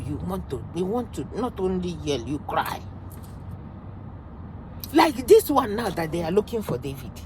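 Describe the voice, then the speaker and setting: A middle-aged woman with a Nigerian accent delivers a heated commentary vlog. Her voice sits somewhat high and swoops widely up and down, punctuated by emphatic outbursts. A faint hum of background noise sits under her voice. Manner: emphatic, ranting, loud outbursts. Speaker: vlogger commenting on news.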